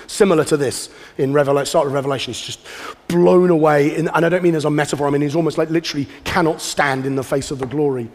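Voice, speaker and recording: A man delivers an earnest, conversational sermon in a fairly high voice, with a long hall reverb trailing his words from the live church. He speaks plainly to the congregation and poses questions to them. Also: darkish tone, slightly rough. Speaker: preacher.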